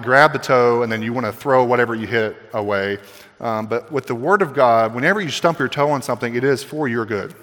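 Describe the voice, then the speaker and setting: A man's voice: medium pitch, fairly bright tone. A man preaching a casual, jokey sermon that is full of rhetorical questions to the congregation. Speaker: pastor. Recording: long hall reverb.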